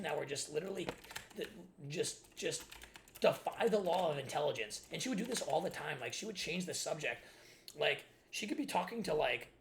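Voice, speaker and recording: Fairly high-pitched and gravelly, with a fairly bright tone, a young streamer rambles through an exasperated tale of growing up as he plays a game. He keeps restarting his sentences, and slight background noise can be heard.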